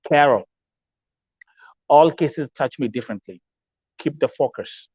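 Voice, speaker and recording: A man's voice: a little high, a little slow, a little mellow, husky, dry recording. Man, Kenyan English accent, livestream talk host, emphatic, repetitive, dull dry audio. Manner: emphatic, repeats himself, switches to Swahili phrases. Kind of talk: live-stream talk show, reading viewer comments.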